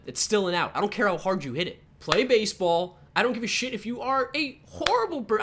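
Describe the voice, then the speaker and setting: A young man with a fairly high voice launches into a heated, profane sports rant. His pitch swings wildly as he mixes sarcasm with frustration, talking straight to his viewers as a fan vlogger. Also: pushed and bright.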